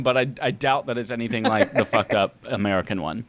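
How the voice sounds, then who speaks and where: Jokey man thinking out loud. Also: on the low side, brisk, few pauses. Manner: thinks aloud, jokey, puts on mock voices. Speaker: podcast co-host playing a quiz. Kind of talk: casual podcast banter.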